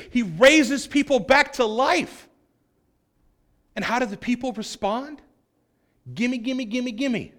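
Male preacher, sermon, high voice, very lively pitch, acts out voices. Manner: animated, acts out quoted voices, swings from loud to hushed. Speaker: pastor.

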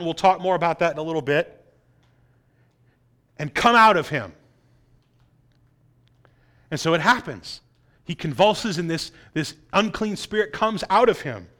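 Man, high-pitched voice, pastor, expository sermon, emphatic, rhetorical questions. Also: expressive, unhurried, long pauses, a bit bright. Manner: emphatic, asks rhetorical questions, acts out quotes.

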